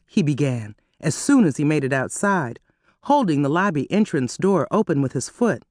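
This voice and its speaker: Audiobook narrator, woman, lowish and very animated, dry close-mic sound. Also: normal speed, dry recording. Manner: expressive, animated reading.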